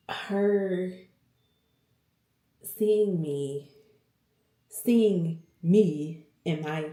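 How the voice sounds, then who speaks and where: A woman's voice: mid-range voice, warm tone. A woman vlogger and working mother telling a personal story in a candid, emotional way, talking straight to her viewers. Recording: roomy echo.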